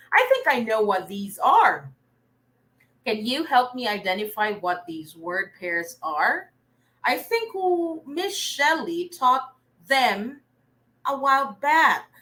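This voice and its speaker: A young Filipino woman teaching a live online reading lesson, warmly praising her viewers as they answer. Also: fairly high pitch. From Philippines. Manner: encouraging, lively, praising viewers often.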